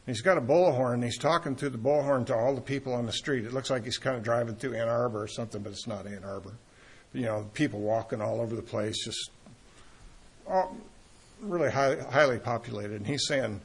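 A man delivers a sermon with a gravelly, somewhat husky voice at a middle pitch. He speaks earnestly and with emphasis, breaking his phrases with pauses and restarts. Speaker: preacher.

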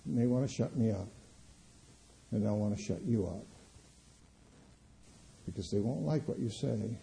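A middle-aged man preaching a sermon as pastor, swinging between loud emphatic declarations and quiet low asides. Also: vocal fry, poor audio.

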